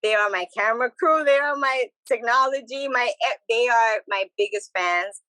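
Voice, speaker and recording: Lively bilingual woman, bright voice. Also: fairly high pitch, normal speed, no echo, low-quality recording. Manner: animated, switches between English and Spanish, repeats phrases. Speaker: podcast guest. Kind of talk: casual chat.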